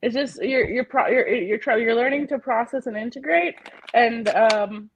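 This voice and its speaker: A woman hosting a casual healing session, chatty and playful, laughing often and giving gentle guiding instructions. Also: on the high side, moderate pace, dull audio, a little hiss or hum. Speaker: healing facilitator and host.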